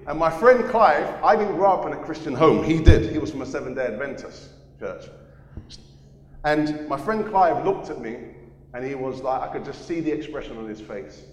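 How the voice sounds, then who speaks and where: An earnest male pastor preaches and shares his testimony, repeating key phrases for weight. His voice sits a little high and carries a long reverb around a church hall. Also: expressive, moderate pace, slight background noise. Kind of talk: sermon with personal testimony. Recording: echoey hall.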